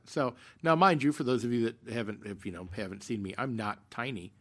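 A man's voice: mid-range voice, a little fast, a bit bright. A man telling a long theater story in casual podcast chat, rambling with many fillers and restarts. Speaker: podcast co-host.

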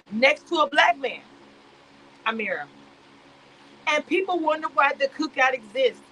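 A woman giving sassy, animated reality-show commentary on a live stream. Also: high voice, slight background noise, low-quality recording.

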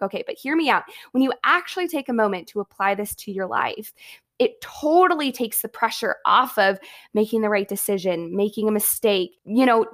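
A woman's voice: mid-range voice, fairly bright tone. Chatty upbeat young woman vlogger. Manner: upbeat, chatty, lots of "like" and "okay". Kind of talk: casual motivational talk to camera.

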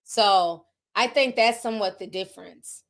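A woman with a Southern US accent hosts a casual celebrity gossip livestream, reading viewer comments and reacting with candid opinions. She is chatty and laughs often, her medium-pitched voice a bit bright at a moderate pace.

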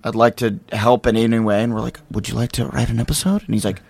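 A comedian in his thirties chats on a podcast and tells stories with lively bits of acted-out dialogue. His voice sits at a middle pitch. It is close and dry, with no room sound. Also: fast talker, gravelly, breathy edge, dry recording. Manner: animated, acts out the people in his stories. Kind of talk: casual storytelling chat.

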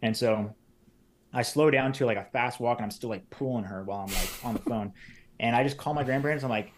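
A man's voice: medium pitch, brisk, a little hiss or hum. A man, a podcast guest, casually retelling events in detail, acting out what people said and filling his speech with "like.". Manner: retells events in detail, acting out quoted lines, many fillers like "like". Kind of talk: casual personal storytelling.

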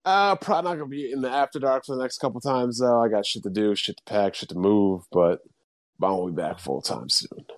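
A man's voice: mid-range voice, brisk, dry recording. A man co-hosting a casual podcast, signing off with blunt, offhand remarks. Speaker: podcast co-host. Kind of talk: casual chat.

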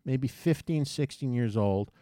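A man rants his way through a story, profane and worked up, stumbling and restarting as he goes. He talks at a middle pitch. The recording is dry and close, with no room sound. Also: a little slow, dry recording. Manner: animated ranting anecdotes with profanity. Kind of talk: casual chat, storytelling.

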